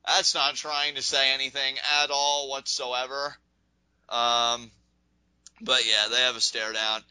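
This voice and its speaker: A man's voice: medium pitch, level tone, unhurried, sharp tone, smooth, no echo, rough recording. A man co-hosting a podcast, chatting casually about wrestling, rambling and laughing as he acts out quotes. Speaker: podcast co-host. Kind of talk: casual wrestling review chat.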